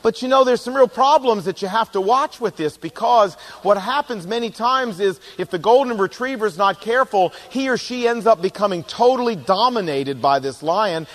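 A man giving a humorous seminar talk on personality types in marriage, animated, acting out quoted voices and chuckling at his own jokes. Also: sits high, normal speed, hardly any pauses. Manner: animated storyteller who acts out quoted voices.

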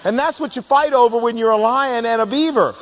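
Man, high-pitched, humorous seminar speaker, animated storyteller. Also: brisk. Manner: animated storyteller who acts out quoted voices. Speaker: speaker on personality types in marriage.

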